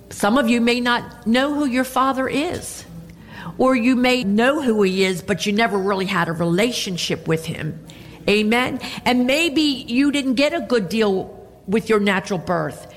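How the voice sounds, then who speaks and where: Preaching woman in a reverberant church. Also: mid-range voice. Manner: expressive preaching with frequent amens. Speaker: pastor. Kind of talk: sermon.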